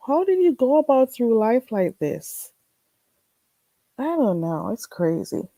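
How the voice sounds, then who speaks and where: A woman with a Caribbean accent chats with her livestream audience in a fairly high, mellow voice, very animated yet taking it slowly. Her manner is blunt and talkative with lots of laughter, and the audio has no echo.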